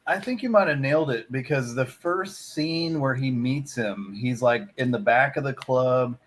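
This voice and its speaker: A man's voice: medium pitch, unhurried, a little hiss or hum. Musing male podcast co-host. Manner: musing, thinks aloud with many "like"s. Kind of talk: casual chat about a film.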